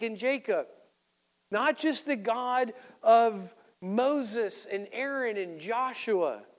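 Slow, deliberate male preacher. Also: sits high. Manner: slow, deliberate, with emphatic pauses and self-corrections. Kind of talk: expository sermon.

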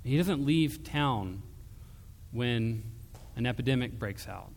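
Male preacher, sermon, slow deliberate delivery, earnest and emphatic, long hall reverb. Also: expressive, creaky. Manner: earnest, emphatic, drops soft and low for quoted words.

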